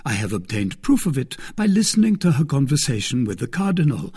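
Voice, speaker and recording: A man voicing a suave, clever male musketeer poet who speaks with measured self-confidence and a husky tone. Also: mid-range voice, sing-song, darkish tone, full character voice. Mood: confident.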